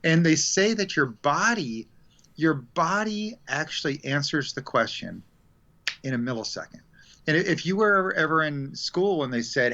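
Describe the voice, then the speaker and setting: Bright, lively man on lo-fi radio. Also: fairly high pitch, measured pace. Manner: animated, acts out quoted voices. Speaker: radio show guest. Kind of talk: casual spiritual talk. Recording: dull lo-fi sound.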